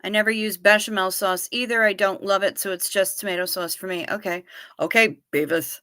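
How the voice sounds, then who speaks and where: A woman from the United States runs a casual livestream where she voices viewer comments and responds with blunt, salty teasing. Her mid-range voice keeps a level tone yet sounds pushed and bright. The audio is clean, echo-free, and studio quality.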